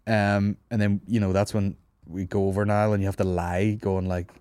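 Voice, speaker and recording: A man's voice: on the low side, little pitch movement, normal speed, dark tone, dry recording. A man hosting a comedy podcast, rambling through crude, sweary jokes in casual banter. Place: podcast studio.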